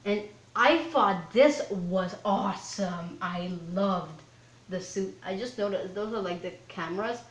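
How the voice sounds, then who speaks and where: A woman recapping a film scene by scene in casual chat, rambling and excitable and leaning on "like" and "um". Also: mid-range voice, a little slow. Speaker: film reviewer. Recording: roomy echo.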